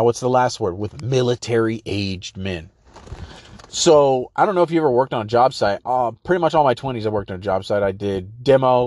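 A man's voice: mid-range voice, a little mellow, no echo. A man, hosting a podcast in a heated, profane monologue and sometimes mocking others in put-on voices. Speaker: podcast host. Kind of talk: casual ranting monologue.

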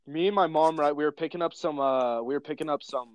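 A man's voice: fairly high pitch, fast talker, clean tone, no room sound. A young man chatting casually, telling rambling stories full of slang and swearing. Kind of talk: casual chat.

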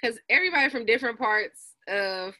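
A woman's voice: on the high side, fairly quick. A woman from Los Angeles with a Californian accent, telling stories as a podcast guest, acting out other voices. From South Central Los Angeles. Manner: animated storyteller, acts out quoted voices. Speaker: guest, psychologist. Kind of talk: casual podcast interview.

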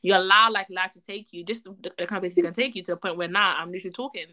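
A woman's voice: lowish voice, very fast, sharp tone. A woman hosting a podcast, chatting casually and heaping encouragement and thanks on her guest. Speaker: podcast host.

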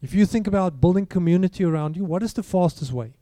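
A man preaching with a high, strikingly mellow voice. He talks to his congregation in an easy, conversational way and keeps asking them questions. The sound is dry and close. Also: expressive, fast, no echo. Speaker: pastor. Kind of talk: sermon.

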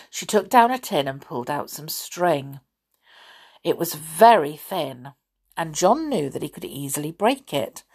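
A woman's voice: low voice, very animated, unhurried, darkish tone, husky. A woman reading a children's story aloud expressively, with asides to the listener.

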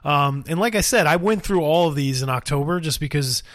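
A man's voice: a little high, lively intonation, brisk, a bit bright, dry recording, studio quality. A man co-hosting a podcast, chatting casually and rambling through a story with lots of fillers and laughs. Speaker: podcast co-host. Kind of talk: casual chat.

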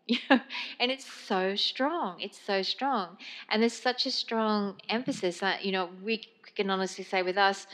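A woman hosting a spiritual podcast, speaking slowly and gently in a meandering monologue full of fillers. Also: mid-range voice. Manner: slow, meandering, gentle delivery with many fillers. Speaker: podcast host.

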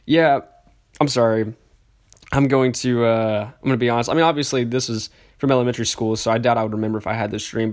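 A man in his twenties, a podcast host, reads his old school journal entries aloud and mocks them, stumbling and restarting as he goes. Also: mid-range voice. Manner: rambling, self-mocking, stumbles and restarts.

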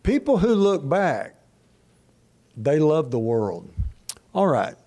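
High-voiced older man preaching slowly. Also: big pitch swings, warm tone. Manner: slow, drawn-out preaching with long pauses and emphatic repeats. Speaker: pastor. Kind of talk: sermon.

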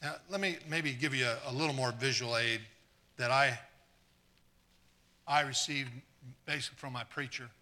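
A man preaching a live sermon, earnest and stumbling over repeated words, trading jokes with the congregation and swinging from quiet asides to fired-up exclamations. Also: medium pitch, normal speed, long pauses. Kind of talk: live sermon with audience volunteers.

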